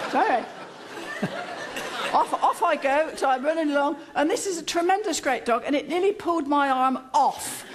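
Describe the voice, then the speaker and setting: A middle-aged woman with a high voice tells a comic anecdote on stage. Her delivery is dry and self-mocking, chatty, and easygoing. She keeps a warm storyteller's rhythm. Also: background noise. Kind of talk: humorous anecdote told on stage.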